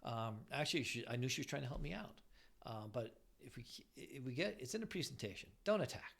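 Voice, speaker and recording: Animated middle-aged man giving relationship advice. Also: mid-range voice, a little fast, vocal fry. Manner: rambling, frequent restarts, animated. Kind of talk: casual advice talk.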